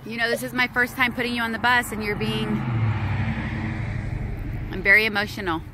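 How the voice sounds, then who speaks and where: A woman's voice: a little high, steady tone, a little fast, heavy background noise. A woman, a mother vlogging her morning and talking to her toddler outdoors. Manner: chatty, scolding then coaxing her toddler. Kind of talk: casual family vlog. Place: outdoors by a street.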